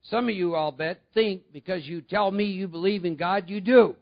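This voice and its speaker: A man speaks to a recovery meeting in a conversational way and often asks his listeners questions. His voice sits high and has a gravelly edge. The recording sounds dull and lo-fi. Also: moderate pace.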